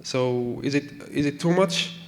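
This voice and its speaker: A man's voice: mid-range voice, measured pace. A man from the audience puts a question to the panel in hesitant English and often stops to search for words. His voice sits in a middle register. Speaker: audience member asking a question. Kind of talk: question from the floor.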